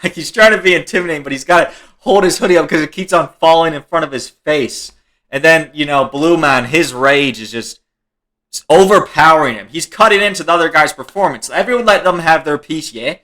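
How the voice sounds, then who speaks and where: A man's voice: fairly high pitch, a little fast, bright, forceful tone. A man giving joking reaction commentary on videos, laughing now and then and swearing casually as he explains.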